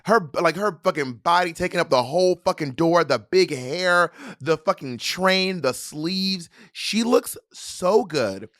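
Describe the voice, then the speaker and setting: A man co-hosting a casual chat, animated, profane and giggly. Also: fairly high pitch, unhurried, few pauses, no room sound, studio quality. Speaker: co-host. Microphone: desk mic at a computer, streaming live.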